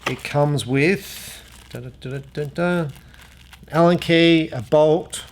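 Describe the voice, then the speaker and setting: A man running an archery shop talks slowly in a fairly high voice over a noisy background. In this casual product demo he shows an arrow rest and rambles through customer stories, chatty as ever.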